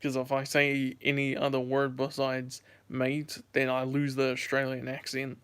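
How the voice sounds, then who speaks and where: This young US YouTuber, in his late teens, speaks monotonously at a measured pace in a clean, fairly bright, medium-pitched voice. Livestreaming on a handheld phone, he answers chat casually, rambling and repeating himself.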